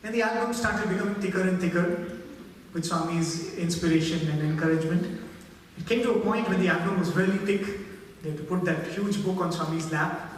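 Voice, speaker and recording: A man tells stories in a spiritual talk, his voice sitting fairly high. He is heard from a distance in a big reverberant hall. A faint hum of room noise sits under him. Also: brisk. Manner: storytelling, voicing characters in quotes, frequent "right?". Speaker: speaker giving a spiritual talk. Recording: echoey hall, voice from far off.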